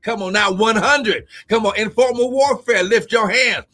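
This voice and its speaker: A man preaching a charismatic prophetic sermon, breaking into shouted exclamations and repeated phrases. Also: high-pitched. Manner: shouting exclamations and drawn-out repetitions. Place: church service, live.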